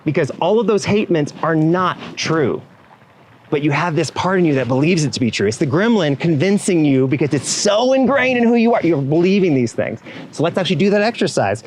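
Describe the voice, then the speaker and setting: A man's voice: a little high, normal speed, a little hiss or hum, rough recording. A man giving a motivational keynote speech to event professionals. He talks straight to the audience with frequent asides and acts out the voices he quotes. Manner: animated, acts out quoted inner voices and clients.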